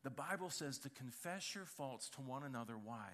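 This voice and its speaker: A middle-aged man preaching a sermon, telling funny family stories in an animated, joking way. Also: mid-range voice, normal speed. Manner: animated storytelling with humor. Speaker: pastor.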